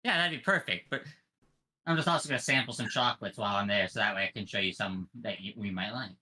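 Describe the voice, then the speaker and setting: A man's voice: lowish voice, fast talker, pushed and bright, husky. A man playing a tabletop game, chatting playfully in character. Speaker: player. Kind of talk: casual in-character role-play.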